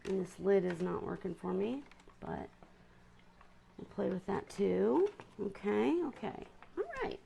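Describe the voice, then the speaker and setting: Creaky-voiced woman chatting on a live stream. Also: medium pitch, lively intonation, a little slow, pauses often, dark tone, a little hiss or hum. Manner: chatty, apologetic asides to viewers. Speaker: seahorse keeper streaming live. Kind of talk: casual live-stream chat.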